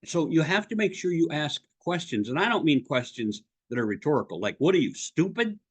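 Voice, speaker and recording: A middle-aged man giving direct-to-camera advice as a presentation coach, emphatic and animated, often asking the viewer questions. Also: a little high, brisk, slightly rough.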